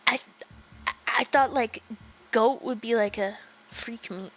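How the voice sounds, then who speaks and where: A woman's voice: a little high, measured pace, rough recording. A young woman livestreaming a game, chatting casually with her viewers, giggling often and swearing offhandedly. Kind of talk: casual gaming livestream chat.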